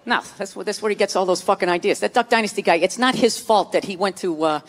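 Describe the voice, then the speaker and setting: A man with a high voice and quick pace does a stand-up set, ranting in a profane, exasperated way with mocking asides. It's recorded live in a club with loud crowd noise and audience laughter.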